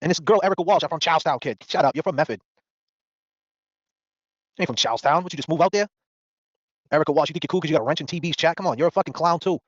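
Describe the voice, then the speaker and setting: A man in his forties hosting a podcast, ranting with confrontational, mocking rapid-fire questions. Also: on the high side, no room sound. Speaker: host. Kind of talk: heated podcast rant. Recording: dull dry lo-fi audio.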